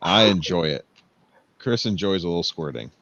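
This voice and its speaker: Low-voiced joking tabletop player. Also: male voice, animated, moderate pace, a bit bright, a little hiss or hum. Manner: jokey, mock-grand speeches. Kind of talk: in-character tabletop role-play. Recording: dry, dull lo-fi stream audio.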